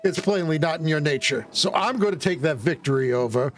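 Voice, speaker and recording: A man's voice: fairly high pitch, expressive, fairly quick, voice pushed down, lightly acted. A man voicing a smug old male fighter come out of retirement, delivering dry, sly lines.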